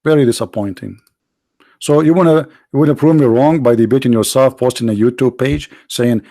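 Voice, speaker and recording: Hoarse, gravelly man taunting rivals. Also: medium pitch, a little fast, warm tone, no echo. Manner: mocking, taunting, full of rhetorical questions. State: hoarse, losing his voice. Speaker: host of a live online debate stream. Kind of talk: combative religious polemic commentary.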